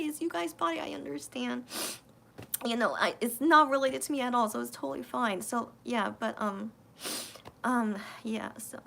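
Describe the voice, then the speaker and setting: A woman's voice, on the high side, creaky and a bit bright, comes through with a little hiss or hum. She's hosting a casual late-night livestream, reading viewer comments and hesitantly thinking aloud with many restarts, emotional enough that her voice cracks near tears.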